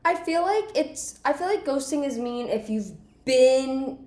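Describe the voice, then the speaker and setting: A woman's voice: sits high, expressive, measured pace, darkish tone, echoey room. A woman hosting a casual chat, with dry teasing banter. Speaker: podcast host.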